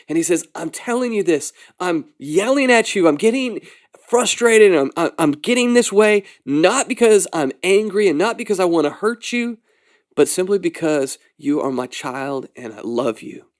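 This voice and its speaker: A man's voice: medium pitch, darkish tone. A man hosting a podcast, giving an earnest, pastoral Bible teaching that rises into exhortation.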